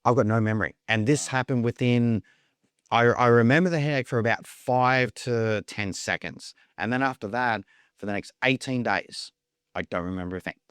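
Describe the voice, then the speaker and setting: As a podcast guest, a man tells his own story casually in a mid-range, fairly bright, clean voice at normal speed. He rambles, repeats words, and acts out other people's lines, captured in clean studio sound with no echo.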